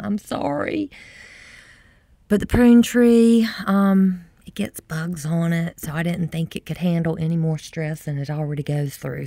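A woman vlogging in her garden outdoors, chatty and excitable, cooing sweetly at her pets. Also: low-pitched, creaky, no echo. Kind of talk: casual vlog narration.

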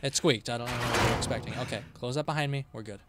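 A man's voice: mid-range voice, fast, very noisy. A man streaming a horror game, commenting live, yelping when startled and muttering to himself in between. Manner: excitable, yelps and shouts when startled, then mutters quietly. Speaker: gaming streamer.

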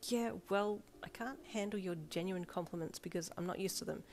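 A woman's voice: fairly low pitch, moderate pace, close to an everyday voice. A woman voicing a cheeky teenage girl who teases and jokes sarcastically in a fan fiction audiobook. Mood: teasing. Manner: playful sarcastic teasing.

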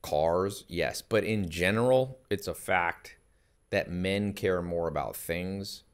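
A man's voice: low voice, slow, clear, resonant tone. A man talking as a podcast guest in casual conversation, emphatic and anecdotal, often laughing in the middle of his sentences. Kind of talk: casual chat.

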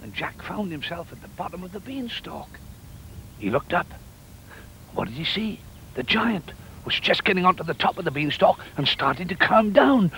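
An older man telling a children's story in an animated, playful way, with sound effects. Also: high-pitched, moderate pace, vocal fry, slightly rough, low-quality recording.

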